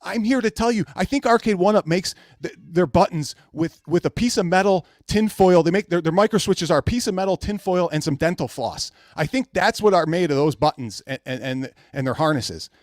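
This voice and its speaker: A man hosting a gaming podcast from home, heated and mocking, tripping over his own words. His voice is a bit higher than most men's and swings widely. The sound is dry and close to the mic. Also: fairly quick, few pauses, no room sound. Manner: animated, mocking, many restarts. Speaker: podcast host. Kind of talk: heated ranting podcast chat.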